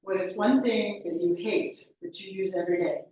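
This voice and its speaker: Woman voicing a gruff, impatient phone coach, clipped and pushy; distant, echoey room sound. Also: lowish voice, fairly even intonation, muffled recording, a little hiss or hum, lightly acted. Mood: brisk. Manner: curt, impatient, rapid-fire questions.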